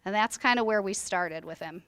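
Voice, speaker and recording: Clear-voiced woman sharing a group's plan. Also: mid-range voice, moderate pace, a bit bright. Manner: explanatory, hedging with "like" fillers. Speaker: workshop participant. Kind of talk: group share-out.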